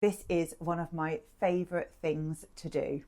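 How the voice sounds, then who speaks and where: A woman, talking gently and chattily as she narrates a slow-living vlog and laughs easily. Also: deep voice, fairly even intonation. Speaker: lifestyle vlogger. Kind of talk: casual vlog chat and narration. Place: home and small-town outings.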